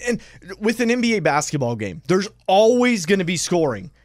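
Man, co-host, casual sports chat, emphatic, addresses listeners, slightly high voice, dry studio sound. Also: very animated, a little fast, no echo. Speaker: radio show co-host.

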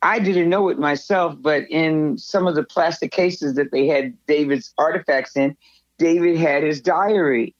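A woman guest telling stories in a casual interview, lively and acting out what others said. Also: low voice, measured pace, dry recording. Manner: animated storyteller, acts out others' lines. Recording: dull lo-fi recording.

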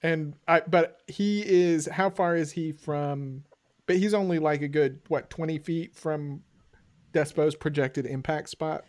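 A man talking as a player in a tabletop role-playing game, laughing often and shouting his character's lines. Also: fairly high pitch, fairly even intonation, measured pace.

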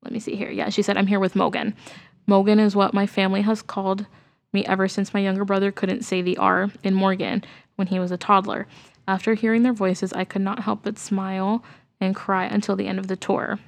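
A woman's voice: mid-range voice, little pitch movement, brisk, creaky. A woman co-hosting a podcast, reading a listener's ghost story aloud in an earnest way and getting emotional as she reads. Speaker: podcast co-host.

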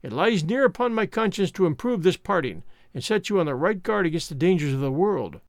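An earnest old minister who lectures in a solemn, sermonizing way, as a man reads him aloud for an audiobook. The voice sits high and swings widely, and the sound is close and dry. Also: expressive, fairly quick, dry recording. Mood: earnest counsel. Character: kindly old Scottish country minister, earnest. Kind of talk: audiobook reading.

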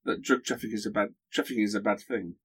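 A man guesting on a podcast, in casual chat, talking in an animated way with frequent restarts and self-corrections. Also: on the low side, quick pace, breathy edge.

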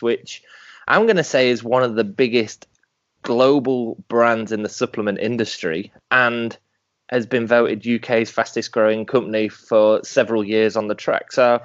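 A man with an English accent hosting a podcast over a call from a hotel room, relaxed and laughing easily. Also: medium pitch, moderate pace, no room sound, muffled recording. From England. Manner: laid-back, laughs easily. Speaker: podcast host. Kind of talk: casual interview chat over a call. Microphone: internet call.

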